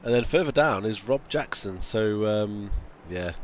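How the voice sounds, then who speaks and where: A man with a fairly low voice hosts a live sim racing stream, chatting loosely and teasing his co-hosts. He often breaks into laughter and leaves sentences hanging, and a faint hum of ambient noise sits behind him. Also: expressive, a little slow. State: just woken up. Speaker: stream host and sim racer. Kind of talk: casual banter during a live racing stream.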